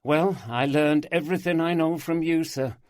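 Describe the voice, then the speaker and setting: A man's voice: on the high side, normal speed, darkish tone, no room sound, pitched above the performer's own voice, close to an everyday voice. Man voicing forthright young policewoman. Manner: forthright, plain. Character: young woman detective sergeant, forthright.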